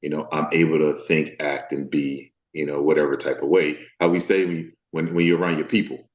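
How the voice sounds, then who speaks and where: Very deep-voiced man in a roomy echo. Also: level tone. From Deep South of the US. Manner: thoughtful, halting, many fillers. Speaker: actor, interview guest. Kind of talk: candid interview conversation.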